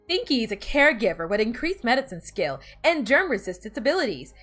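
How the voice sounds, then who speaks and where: A woman putting on a mock commercial voice as an overeager infomercial announcer with a hard-selling, emphatic pitch. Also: sing-song, a little fast, a bit bright, faint music behind. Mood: salesy.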